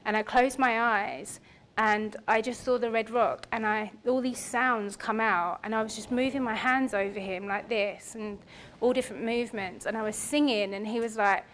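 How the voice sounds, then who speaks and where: A woman, telling a personal story on stage in a chatty, animated way. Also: fairly high pitch, moderate pace. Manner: chatty and animated, with filler words. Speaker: spiritual speaker at an expo. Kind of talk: casual personal storytelling talk. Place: expo hall stage.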